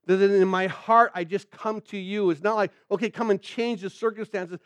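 A man's voice: high voice, steady tone, moderate pace, few pauses, fairly bright tone, no room sound. A man preaching a verse-by-verse sermon as a pastor, earnestly quizzing his listeners with questions he answers himself. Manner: asks the room rhetorical questions and answers them. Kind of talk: sermon, verse-by-verse Bible teaching.

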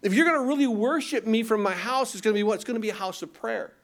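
Guy preaching, kinda high voice, reads verses then keeps asking do you get it. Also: quick pace. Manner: asks rhetorical questions, repeats words; reads scripture aloud and explains. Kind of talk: expository sermon.

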